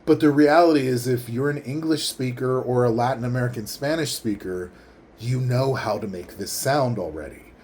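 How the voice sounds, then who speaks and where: The recording carries a little hiss or hum as a man with a medium-pitched, slightly mellow voice leans toward the mic and casually walks the camera through saying his name. He pronounces it deliberately, repeating each syllable slowly.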